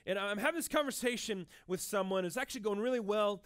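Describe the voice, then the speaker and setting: A young man preaches a sermon in a high, light voice. He tells a personal story in a relaxed way, with plenty of "like" and restarts. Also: fast, clean tone. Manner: storytelling, with frequent fillers and restarts. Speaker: pastor.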